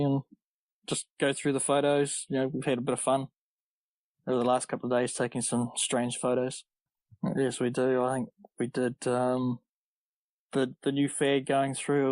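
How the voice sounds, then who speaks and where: A man's voice: medium pitch, darkish tone, dry recording, rough recording. Easygoing Kiwi man, dry close sound. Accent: New Zealand. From New Zealand. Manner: easygoing, chatty, laughs often. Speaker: podcast guest, triathlete. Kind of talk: casual interview chat.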